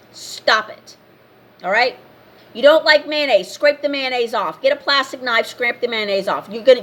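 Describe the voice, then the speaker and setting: A woman's voice: high-pitched, bright, forceful tone. Blunt, scolding woman ranting to camera. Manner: blunt and scolding, repeating herself. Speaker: vlogger. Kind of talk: casual rant to camera.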